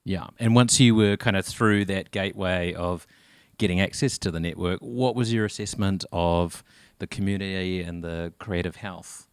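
A man hosting a podcast, asking measured questions and explaining references for listeners. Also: sits low, clean tone, dry recording, studio quality. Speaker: podcast host. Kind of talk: interview questions.

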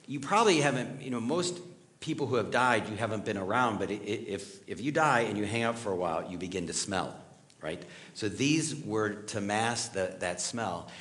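This middle-aged pastor has an animated, slightly bright voice on the low side and speaks at a moderate pace. His sermon feels like a conversation, built on personal stories and questions put to the audience.

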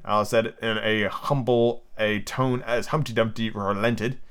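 A man's voice: lowish voice, flat delivery, measured pace, few pauses, a bit bright, smooth. A tipsy man hosting a podcast, reading a book aloud in a casual, stumbling way with restarts. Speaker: podcast host.

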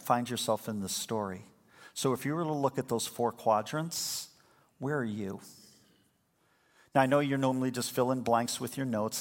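A man preaching a sermon as a pastor, telling the story with lively energy and acting out the voices of the people in it. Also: mid-range voice. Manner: lively storytelling, acts out quoted speakers. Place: church sanctuary. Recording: long hall reverb.

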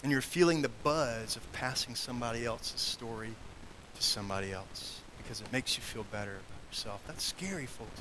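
A man preaching a sermon in an earnest manner, growing loud on key points and dropping to quiet asides. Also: fairly high pitch, slight background noise, low-quality recording. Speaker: pastor.

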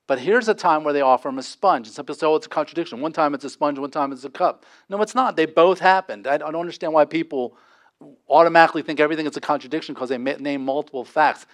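A man's voice: on the high side, a bit bright. Impassioned man preaching a sermon. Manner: impassioned preaching with dramatic pauses. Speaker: pastor.

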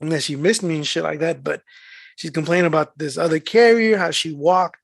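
A man's voice: a little high, fairly quick, vocal fry, slightly rough, no room sound, clean studio sound. A man in casual chat with friends, telling a story with laughter and frequent swearing. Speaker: mail carrier.

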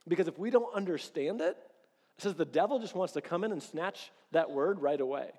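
A pastor in his thirties preaching a sermon in a casual, animated way, acting out little quoted exchanges. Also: on the high side, a little fast, breathy edge. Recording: long reverb of a large hall.

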